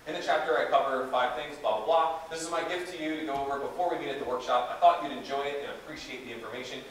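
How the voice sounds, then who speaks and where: A man giving a live seminar talk to an audience in a conference room, energetic and conversational with plenty of fillers and asides. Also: medium pitch, quick pace. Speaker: guest speaker. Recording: echoey room from far off, faint hiss.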